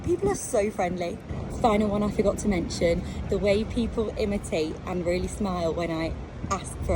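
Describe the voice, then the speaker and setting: A woman's voice: medium pitch, normal speed. English woman reporter vlogging over street noise. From England. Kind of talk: casual vlog monologue.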